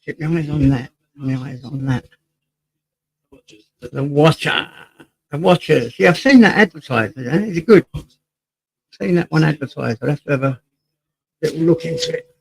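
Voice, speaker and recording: Speaking at a normal speed with many pauses, a fairly high-pitched, fry-tinged English man hosts a casual live stream from home. He welcomes viewers by name, reads their chat aloud and occasionally moves off-axis from his desk mic, on a rough recording.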